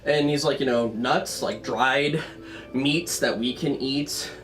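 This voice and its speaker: A man's voice: medium pitch, slow pace, a bit bright, distant mic, soft background music. A man narrating as game master of a tabletop game, playful and often laughing.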